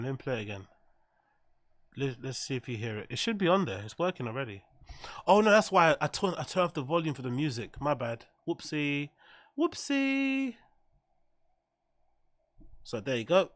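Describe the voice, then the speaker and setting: A man hosting a casual livestream, chatting to his viewers in a loose, rambling way and swearing freely. His voice sits at an ordinary middle pitch. The sound is close and dry, with little room behind it. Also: a bit bright, no echo. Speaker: streamer host.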